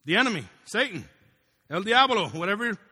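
A pastor delivers a sermon full of personal stories, acting out what people said. His voice sits high and sounds bright and forceful. The room has a long, ringing reverb. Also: brisk, husky. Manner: animated storytelling, acting out quotes.

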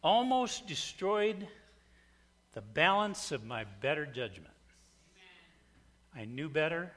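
A male pastor telling a story in a sermon, animated, swinging from hushed asides to shouts. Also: on the high side, takes it slowly, long pauses.

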